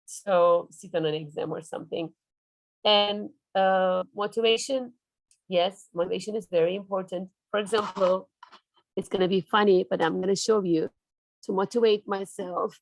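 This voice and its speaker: A woman trainer leading an online workshop on early foreign-language teaching, animated and showing her materials over a video call. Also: medium pitch, moderate pace, vocal fry, no room sound, poor audio. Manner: animated, demonstrative, shows props.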